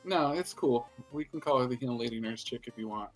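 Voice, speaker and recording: A man's voice: medium pitch, a little fast, soft background music. Skeptical, teasing male co-host. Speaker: podcast co-host. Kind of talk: casual anime discussion.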